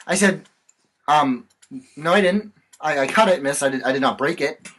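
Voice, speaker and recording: A man's voice: on the high side, expressive, normal speed, a bit bright, slight background noise, poor audio. A young man co-hosting a podcast, telling work stories in a casual, profane, ranting way. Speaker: podcast co-host. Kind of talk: casual chat.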